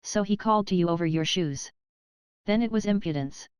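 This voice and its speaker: A woman's voice: mid-range voice, a little fast, smooth, no room sound, studio quality, close to an everyday voice. A woman reading the part of a curt, dictatorial young male English official in an audiobook.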